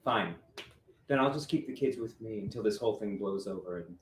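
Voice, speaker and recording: A man playing an insistent divorced father who is quick to anger, in acted drama dialogue. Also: lowish voice, close to an everyday voice. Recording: roomy with faint noise.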